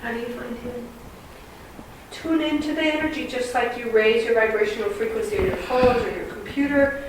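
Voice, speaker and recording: A woman channeling a kind, loving male cosmic being called Commander Ashtar. She teaches in a calm, earnest, reassuring way. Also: on the high side, normal speed, lightly acted. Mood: instructive. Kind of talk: channeling session. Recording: very echoey room, distant mic, noisy.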